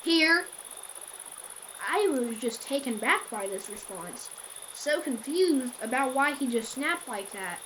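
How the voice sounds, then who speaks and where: A woman's voice: high-pitched, expressive, measured pace, a little hiss or hum. A woman casually telling a scary story in a rambling, self-correcting way.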